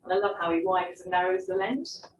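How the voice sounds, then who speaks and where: A woman's voice: fairly low pitch, steady tone, quick pace, lo-fi sound. Woman reading literary criticism in a roomy space. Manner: reflective, with wry self-interrupting asides. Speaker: PhD researcher presenting her essay. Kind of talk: reading an essay with asides. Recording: roomy echo, mic at a distance, faint ambience.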